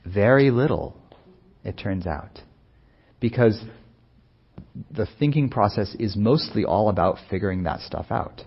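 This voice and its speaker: Low gravelly man giving a meditation talk. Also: expressive, lo-fi sound. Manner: soft-spoken, unhurried, musing with many pauses. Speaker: meditation teacher. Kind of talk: reflective dharma talk.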